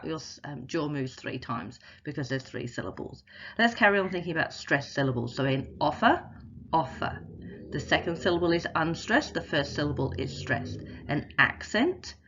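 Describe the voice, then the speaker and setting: A low-voiced woman teaching a spelling lesson with a husky, breathy tone. She explains patiently and step by step, slowing down to sound out example words. The recording is dull and a little lo-fi. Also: fairly bright tone. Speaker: literacy teacher. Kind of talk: instructional video explanation.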